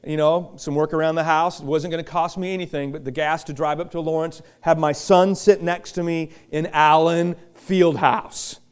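A middle-aged male pastor preaching a sermon, chatty and joking, swinging from quiet asides to loud shouted bursts. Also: a little high, steady tone, moderate pace, hardly any pauses, clear, resonant tone. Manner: chatty, joking storyteller with many restarts.

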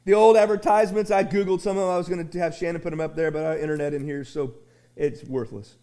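A man preaching a sermon as pastor of a small church, folksy and rambling, with many restarts and shouted refrains. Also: on the high side, steady tone, fast talker.

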